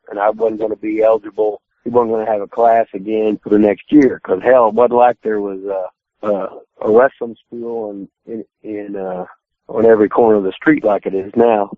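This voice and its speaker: A retired pro wrestler, a guest calling into a podcast, tells profane stories in a mid-range voice, swearing constantly and loudly acting out his own quotes. The phone line sounds tinny and dry, with no room sound.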